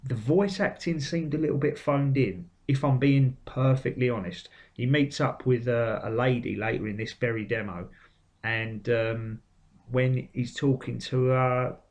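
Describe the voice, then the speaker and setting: A man's voice: mid-range voice, steady tone, a little slow. A man giving blunt, sweary, opinionated commentary on video game trailers. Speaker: game vlogger. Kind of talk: casual commentary.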